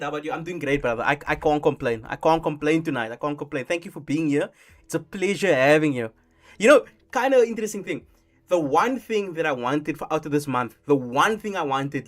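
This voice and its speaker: Young man, casual stream host, rambling and animated, light music bed. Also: high-pitched. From South Africa. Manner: rambling, animated, with many restarts and fillers. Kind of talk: casual live-stream chat. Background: faint lo-fi music.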